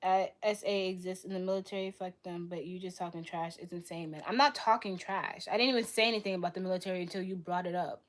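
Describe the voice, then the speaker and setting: Young woman, stream host, blunt and argumentative, answers chat with quick retorts. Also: lowish voice, fairly even intonation. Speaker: livestream host. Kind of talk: live stream debate reading chat.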